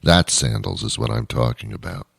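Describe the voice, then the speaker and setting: A man's voice: deep voice, lively intonation, moderate pace, gravelly, a bit bright, breathy edge, no room sound, clean studio sound. A man hosting his own show, delivering a rambling comic monologue full of wry asides and self-interruptions. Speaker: show host. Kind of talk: comedic monologue.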